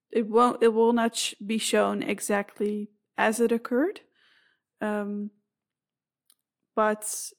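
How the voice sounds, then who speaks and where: Woman podcast host, mid-pitched, earnest and unscripted, drifting thoughts, frequent "um"s. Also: a little mellow. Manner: earnest, meandering, with frequent fillers and restarts. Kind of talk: solo podcast monologue.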